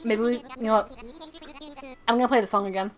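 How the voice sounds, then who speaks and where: A woman's voice: fairly high pitch, fairly even intonation, quick pace. A woman streaming a video game live, chatting casually and rambling, often repeating her own phrases.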